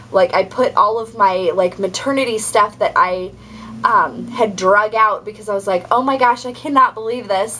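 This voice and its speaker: A woman's voice: medium pitch, fairly bright tone, husky, low-quality recording. A young adult woman giving a casual pregnancy update vlog, chatty and rambling with many ums and likes. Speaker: vlogger.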